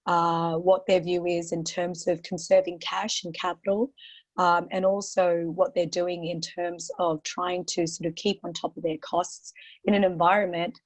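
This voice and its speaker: Croaky Australian woman, low voice. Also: a little slow. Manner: steady, heavy with "you know" and "um" fillers. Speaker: portfolio manager guest. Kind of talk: webinar interview answers.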